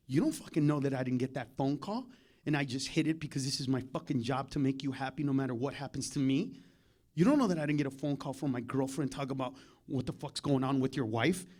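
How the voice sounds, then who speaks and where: On a club stage, a man performs a live stand-up comedy set, ranting and swearing. He swings between loud outbursts and mock-serious asides, and his voice is a little high.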